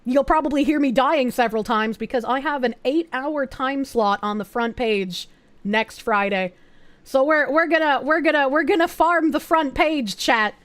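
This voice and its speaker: Brief: high-pitched woman streamer, excitable, foul-mouthed, dry close sound. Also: normal speed, no room sound. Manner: excitable, swears freely, reads chat aloud. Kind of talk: casual live-stream chat.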